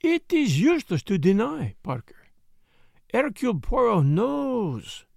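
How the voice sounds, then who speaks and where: A man's voice: high-pitched, wildly swooping pitch, unhurried, dry recording, studio quality, voice pushed up, heavily acted. A man voicing a shrewd, self-assured middle-aged Belgian detective with a French accent, asking precise, needling questions in an audiobook. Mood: probing. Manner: precise, needling questions with sudden sharp jabs. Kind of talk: audiobook character voice.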